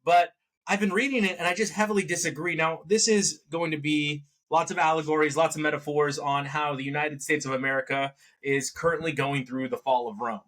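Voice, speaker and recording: A man with a bright, forward voice, pitched a little high, co-hosting a casual movie review podcast. He talks in a rambling, animated way, restarting and correcting himself as he goes. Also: brisk. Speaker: podcast co-host.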